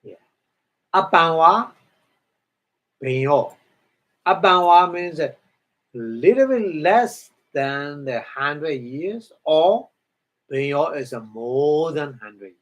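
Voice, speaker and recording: A man teaching a dharma lecture in halting English, explaining Pali terms word by word and often asking "huh?". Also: a little high, lively intonation, fairly bright tone. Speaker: Buddhist meditation teacher.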